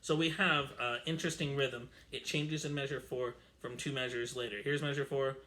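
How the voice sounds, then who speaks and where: A man's voice: mid-range voice, fairly even intonation, moderate pace, music in the background. A man teaching a string orchestra lesson on camera from home, counting and singing rhythms aloud and chatting with fillers. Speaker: music teacher. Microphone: camera mic.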